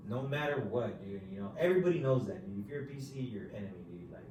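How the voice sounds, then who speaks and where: A man's voice: medium pitch, lively intonation, fast talker, a little mellow. A male podcast host in casual chat, laid-back and profane, tacking "dude" onto nearly every phrase. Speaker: podcast host telling prison stories. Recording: roomy echo, voice far from the mic, faint ambient hiss.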